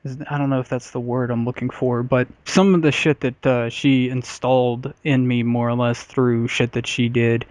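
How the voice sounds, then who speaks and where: A man's voice: medium pitch, level tone, moderate pace, hardly any pauses, darkish tone, no echo. A man co-hosting a casual comedy podcast, telling a story bluntly and profanely with lots of uhs and likes. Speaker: podcast co-host. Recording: slightly dull podcast audio.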